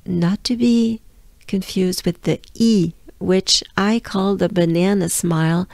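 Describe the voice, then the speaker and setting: A woman's voice: fairly low pitch, gravelly, a little mellow, no echo, studio quality. A woman from France with a French accent, patiently teaching pronunciation and repeating sounds many times. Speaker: pronunciation coach. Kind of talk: pronunciation lesson.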